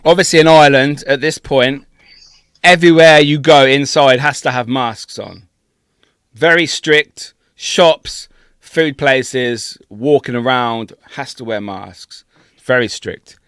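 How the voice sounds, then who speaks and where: A man co-hosting a podcast, telling a travel story in a sweary, laughing, animated way. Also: medium pitch, measured pace, clear, resonant tone, no echo, studio quality. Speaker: podcast co-host. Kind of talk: casual storytelling chat.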